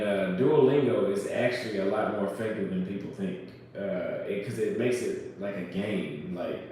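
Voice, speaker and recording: A man's voice: fairly low pitch, a little mellow, a little hiss or hum. A man talking casually and bluntly, rambling and crude, mocking others by quoting them in put-on voices. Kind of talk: casual chat. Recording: echoey room, voice from far off.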